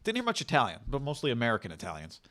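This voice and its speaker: A man's voice: mid-range voice, wildly swooping pitch, very fast, a bit bright. A man hosting a sports podcast in casual chat, upbeat and chatty, often repeating words as he starts a thought. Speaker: podcast host.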